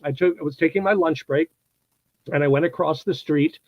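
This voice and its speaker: A man in his sixties from the United States, an actor telling anecdotes in a casual interview, animated and laughing often, acting out what people said. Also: on the high side, normal speed, dry recording, highs cut off. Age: 60s. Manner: animated storyteller, acts out quotes, laughs often.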